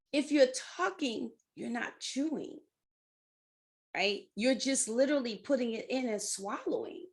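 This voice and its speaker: A middle-aged woman with a somewhat high voice talks through life advice in a relaxed, chatty way. She acts out the little voices in her head and breaks into laughter now and then. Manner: animated, acts out inner voices, laughs often. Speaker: life coach and podcast host. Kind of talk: casual conversational advice.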